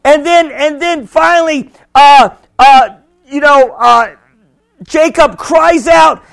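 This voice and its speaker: A man preaching a sermon as pastor, with sudden shouts and many repeated words. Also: very high voice, takes it slowly, vocal fry.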